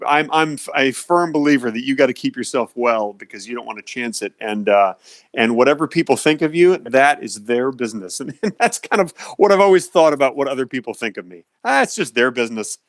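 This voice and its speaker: A man's voice: mid-range voice, animated, brisk. Man, call-in radio host, casual, jokey, cell phone mic, home office. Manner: easygoing, jokey, chuckles often.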